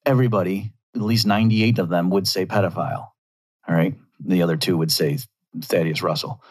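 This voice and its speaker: Man, deep voice, commentary monologue, argumentative, rhetorical asides. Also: steady tone, a little fast, darkish tone.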